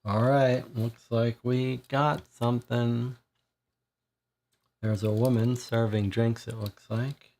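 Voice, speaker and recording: A board game player reading a detective case aloud, thinking aloud slowly and deliberately. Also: mid-range voice, level tone, warm tone.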